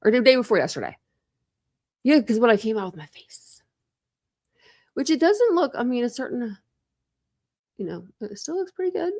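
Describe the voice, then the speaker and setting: Her pitch fairly high and her voice a little mellow, a woman in her forties rambles through a casual true crime live stream, saying "like" again and again. She talks at normal speed with big pitch swings and long pauses, at home in a room with a couch and a cat. The recording is clean studio quality, free of room sound.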